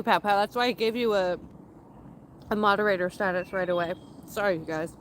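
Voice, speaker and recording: A woman in her thirties from Canada, casually chatting with her livestream viewers in a slow, rambling way, with a runny nose. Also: fairly low pitch, steady tone, slight background noise. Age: 30s. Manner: slow, rambling and chatty, with frequent fillers and laughs. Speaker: livestream host. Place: outdoors in a forest area.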